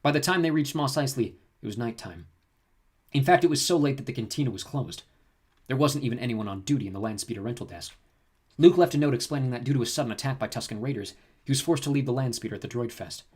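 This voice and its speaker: A man narrating a sci-fi audiobook in a brisk storytelling manner. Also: medium pitch, darkish tone, slightly rough. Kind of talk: scripted narration.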